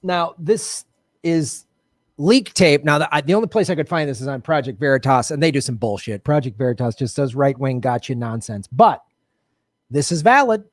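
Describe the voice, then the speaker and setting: Sarcastic, animated man with a high voice. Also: moderate pace, no echo, studio quality. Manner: blunt, swears often. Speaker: political commentary host. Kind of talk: online commentary monologue.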